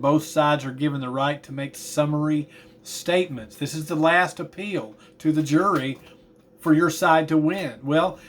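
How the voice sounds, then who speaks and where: A man teaching a class, talking in a tired, chatty way with asides about yawning. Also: a little high. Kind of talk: classroom lecture.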